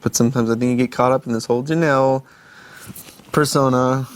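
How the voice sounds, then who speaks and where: Speaking briskly in a steady, medium-pitched tone, a young man on a reality show reassures his partner with earnest, intimate talk. He frequently starts his sentences over.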